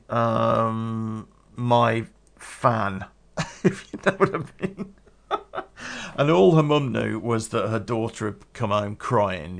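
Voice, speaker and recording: A man's voice: medium pitch, gravelly. A man telling a story from his past in a casual, rambling way, with restarts and swearing.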